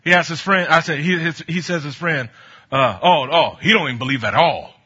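A man preaching a sermon, telling stories from his ministry and building to bold exhortation, with a husky voice. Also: fairly high pitch, brisk. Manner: animated, storytelling, rising to bold exhortation. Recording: dull lo-fi sound.

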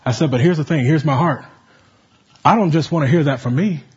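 A man's voice: on the high side, fairly quick, darkish tone, husky, muffled recording. A man preaching a sermon, reading scripture and leading the congregation in call and response. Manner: rising to emphatic calls, leading the congregation.

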